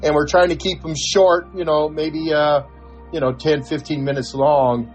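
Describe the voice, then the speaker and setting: Older man, animated storyteller, higher voice. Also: normal speed, soft background music. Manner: animated storyteller, acts out the dialogue. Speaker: podcast co-host. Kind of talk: casual storytelling chat.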